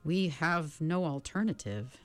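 A woman's voice: low voice, expressive, soft background music. A woman voicing a solemn older father. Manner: slow and distinct.

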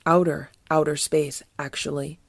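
Storybook: jumpy alien tomcat, quick to panic, read by a woman, low-ish gravelly tone, dry sound. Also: flat delivery, no room sound, exaggerated voice. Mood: earnest. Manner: jumpy, easily alarmed. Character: nervous male alien space cat. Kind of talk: storybook reading.

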